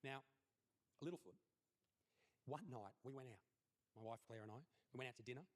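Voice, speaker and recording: An Australian man doing a stand-up comedy set, brash and crude with punchy deadpan lines. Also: mid-range voice, fairly quick.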